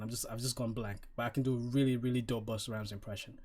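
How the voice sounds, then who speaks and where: A man talks through an album track by track, blunt and dismissive. He speaks in a middle-pitched voice, casually, with frequent "uh"s and restarts. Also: fairly even intonation, quick pace, a little mellow. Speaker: album reviewer. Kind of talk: casual opinionated review.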